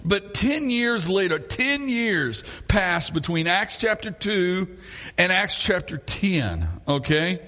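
High-voiced preacher in a reverberant hall. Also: male voice, slow. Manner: animated storytelling, chuckles often. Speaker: pastor. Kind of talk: sermon.

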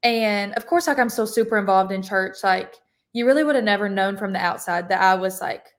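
A woman's voice: medium pitch, fairly quick. A young woman, sharing her testimony as a podcast guest in a casual, chatty way full of "like". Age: young adult. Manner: chatty, heavy use of "like" fillers.

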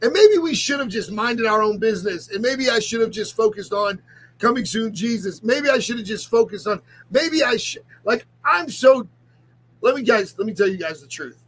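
Tearful, halting man with a high voice. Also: expressive, fairly bright tone, breathy edge, rough recording. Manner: halting, repeats himself, restarts sentences. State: on the verge of tears. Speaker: ministry leader and vlogger. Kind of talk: emotional confessional vlog.

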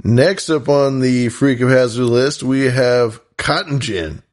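Speaking slowly at a medium pitch, a male podcast co-host keeps things casual and joking while he reads shout-outs from listeners.

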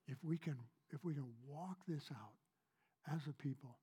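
A man preaching a sermon as pastor, earnest and repetitive, swinging between raised emphasis and soft, hushed lines. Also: on the high side, unhurried, breathy edge.

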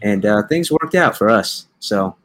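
A man's voice: on the low side, lively intonation, measured pace, a bit bright. A man hosting a podcast in casual chat, telling meandering, jokey stories. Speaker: podcast host.

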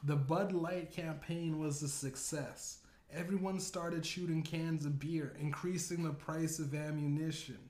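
A man voicing a grizzled, older male conspiracy official with a scar, who briefs a meeting in a slow, deliberate way. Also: fairly high pitch, steady tone, darkish tone, slight background noise, natural voice. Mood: briefing. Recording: roomy echo.

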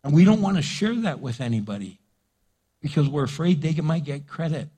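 An older man preaching a sermon, lively and conversational, acting out little exchanges between people. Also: a little high, a little fast, slightly rough. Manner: animated preaching with acted-out dialogue. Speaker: pastor.

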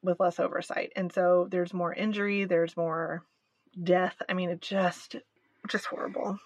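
Woman, podcast co-host, low voice, candid and emphatic, muffled dry recording. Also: little pitch movement, a little slow, no echo. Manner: candid and emphatic, with nervous laughs. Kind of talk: casual chat.

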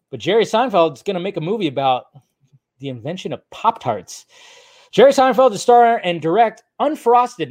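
A man with a fairly high voice hosts a loose, chatty podcast. He rambles through entertainment news, swears freely and keeps circling back with "I tell you what.". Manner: rambling, swearing, filler-heavy, laughs often. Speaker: podcast host. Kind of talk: casual solo news chat.

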